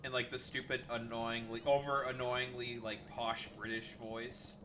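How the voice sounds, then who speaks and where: A man's voice: medium pitch, level tone, normal speed, background noise. A man streaming a game, chatting casually, swearing and trailing off mid-sentence. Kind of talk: casual gameplay commentary.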